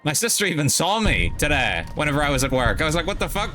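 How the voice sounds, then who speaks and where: A man's voice: on the high side, big pitch swings, fast, pushed and bright, soft background music. A young man streaming a game live, talking in a casual, rambling and profane way.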